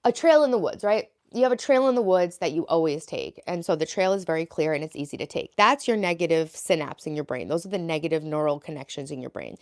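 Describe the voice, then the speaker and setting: A young woman talks on a casual live stream, reading out her viewers' comments and answering them as she goes. Her voice sits a little low for a woman. She talks in a chatty way, straight into a desk mic. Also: quick pace, hardly any pauses. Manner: chatty, reads and answers chat aloud.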